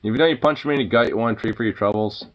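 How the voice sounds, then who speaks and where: A man's voice: fairly low pitch, racing, poor audio. A man talking casually to his pet dog, teasing and exasperated, swearing freely. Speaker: dog owner.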